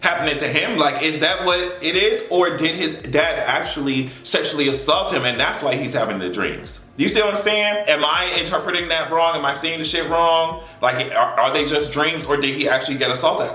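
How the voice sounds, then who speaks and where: A man giving a casual TV episode recap, animated and profane, acting out his own reactions. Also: a little high, normal speed, few pauses. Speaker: TV recap vlogger. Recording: echoey room with faint music.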